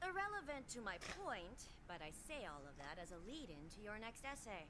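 A woman's voice: mid-range voice, very animated, a little fast, noisy background, natural voice. Miss Ames, a woman playing a prim, lecturing teacher. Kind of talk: game voice acting.

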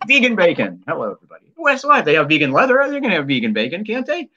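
A man's voice: fairly high pitch, huge pitch swings, racing, bright, forceful tone, a little hiss or hum. A man hosting a casual live stream, joking around and often repeating words as he chats with viewers. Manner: playful, jokey, stumbles and repeats words. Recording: dull lo-fi stream audio.

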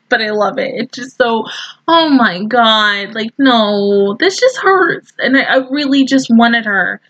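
A woman's voice: a little high, a bit bright, low-quality recording. A woman hosting an anime reaction video, rambling emotionally in casual commentary and swearing freely.

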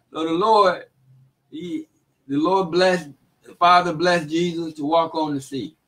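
A man teaching the Bible in a relaxed, casual way, reading verses and retelling them in everyday speech with frequent chuckles. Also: fairly high pitch, slow pace, low-quality recording.

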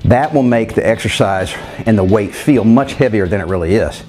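A man's voice: fairly low pitch, moderate pace, a little mellow, soft background music. Upbeat male fitness coach explaining workouts. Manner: coaching, addresses viewers as guys, counts reps aloud. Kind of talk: workout instruction.

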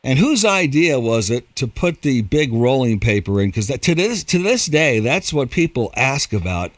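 A man's voice: mid-range voice, big pitch swings, moderate pace, no room sound. Radio host man, dry close sound. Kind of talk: radio interview.

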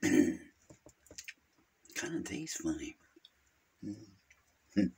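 A man's voice: extremely low pitch, wildly swooping pitch, very slow, gravelly, mellow, husky, exaggerated voice. A man playing a rambling, gossipy male Jehovah's Witness who halts, hums and giggles at his own crude jokes in an improvised comedy monologue.

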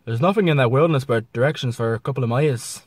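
A man's voice: a little high, sing-song, racing, no echo. A man putting on a chummy, folksy mock-Canadian character. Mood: cheery. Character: cheery mock-Canadian backwoodsman.

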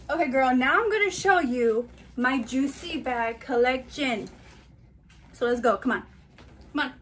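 A chatty young woman talks through her hauls and collections with a slightly high, bubbly voice. She gushes over each item and speaks straight to her viewers. A faint hum of room noise sits behind her. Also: fairly bright tone. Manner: chatty, gushing, addresses viewers as girlies. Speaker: vlogger. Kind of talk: casual haul vlog.

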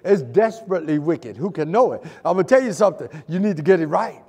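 A man's voice: sits high, animated, fast, darkish tone, big-room sound. A male pastor preaching a fervent sermon, repeating phrases and hurling rhetorical questions at the congregation. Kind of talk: fiery sermon. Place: church sanctuary.

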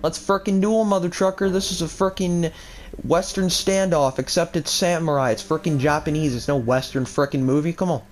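Excitable young man trash-talking a game. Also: fairly high pitch, normal speed, slight background noise. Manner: excitable, trash-talking, swaps in mild stand-in swears. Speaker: gaming channel host. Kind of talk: casual gameplay commentary.

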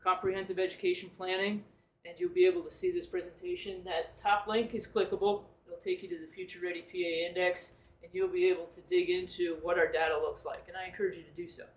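A man gives a formal presentation to a meeting, explaining each point, rephrasing himself, and posing questions to the room. His voice sits high for a man. He is picked up from a distance in an echoey meeting room. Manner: explanatory, rephrasing and self-correcting, with rhetorical questions. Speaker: school administrator presenting a plan.

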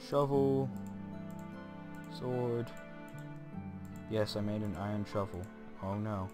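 A young man rambling goofily as he comments on his gameplay, joking at his own expense and talking straight to his viewers, his voice jumping up high when he gets excited. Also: takes it slowly, long pauses, music in the background. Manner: goofy, self-mocking, talks to viewers, voice jumps up when excited. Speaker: gaming channel host.

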